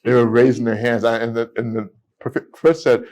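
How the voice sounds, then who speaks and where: A man, a podcast guest telling stories in a lively way with many restarts. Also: mid-range voice, fairly quick. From United States. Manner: animated storytelling with many restarts. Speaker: guest, immigration attorney. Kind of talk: casual podcast conversation.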